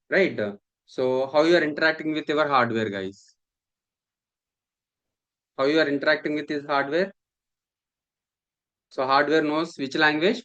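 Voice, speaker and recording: Male instructor, middle pitch, repetitive classroom lecturer who keeps checking understanding. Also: a bit bright, lo-fi sound.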